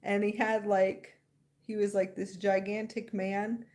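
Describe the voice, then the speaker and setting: Young woman, livestream host, rambling casual chat, bursts of laughter, mid-pitched voice. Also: a little slow. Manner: rambling, excited, laughs often.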